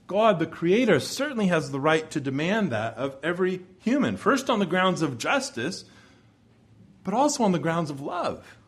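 Earnest preacher man, slightly high voice. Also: big pitch swings, breathy edge. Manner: measured, emphatic preaching that drops low at phrase ends. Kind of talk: expository sermon.

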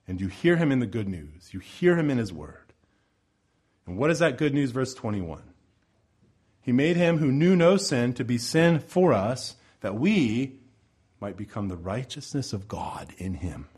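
Impassioned male preacher with lively pitch. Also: a little slow, husky. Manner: impassioned, swinging between loud pleading and soft low asides. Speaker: pastor. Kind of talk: sermon. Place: church with a sound system. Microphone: church sound system microphone.

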